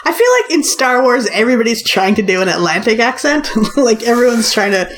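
A woman's voice: fairly high pitch, animated, brisk. Wry woman co-host who laughs often. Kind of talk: casual chat about films.

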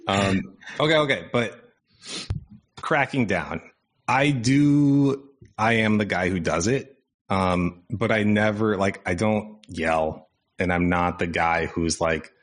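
A man co-hosting a podcast, chatting in a measured way and laughing easily. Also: low-pitched. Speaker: agency co-owner and podcast host. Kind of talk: casual podcast chat.

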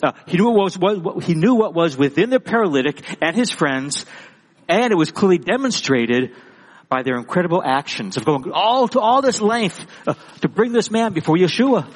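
A pastor preaching a sermon with emphatic, repeated phrases. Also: male voice, sits high, lively intonation, normal speed, long reverb tail, rough recording.

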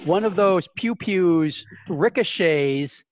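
A game master narrating an improvised tabletop game with playful, quick asides and questions for the players. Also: mid-range voice.

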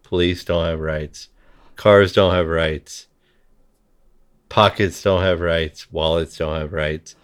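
A man's voice: deep voice, fairly even intonation, slow pace, long pauses, smooth. A man in a heated conversation, talking bluntly and swearing freely as he rants. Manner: blunt, profane ranting.

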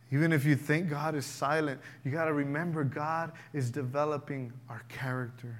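A man preaching to his congregation in a high, ringing voice with a bright, forceful edge. He builds his points in rising waves and slips into acted-out prayers and questions from everyday life. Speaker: pastor. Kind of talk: sermon.

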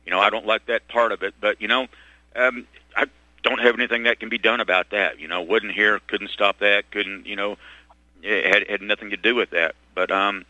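A middle-aged man rambling through a talk radio monologue, stopping and restarting his sentences with lots of fillers. His voice is on the low side but forceful and tense. The studio sound is close and dry. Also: steady tone, no room sound, poor audio. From Texas. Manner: halting, full of restarts and fillers. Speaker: radio talk show host.

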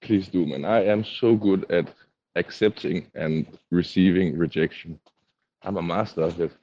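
A man's voice: sits low, measured pace, warm tone. A man on a casual podcast, laid-back and self-mocking, with slightly grammar. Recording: dull lo-fi podcast audio.

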